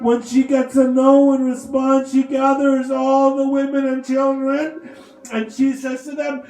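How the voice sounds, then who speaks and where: A man's voice: very high voice, monotone, a little slow, darkish tone. A man narrating a mournful sermon as a preacher, telling the story in a lamenting, emphatic way. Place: mosque prayer hall. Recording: echoey hall.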